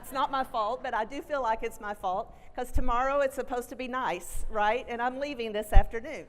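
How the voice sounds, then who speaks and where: A woman's voice: on the high side, brisk, slight background noise. A middle-aged woman with a Texan accent, a college president giving a friendly, chatty conference keynote at a stage microphone. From Texas. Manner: friendly, chatty, self-deprecating asides. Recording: reverberant auditorium.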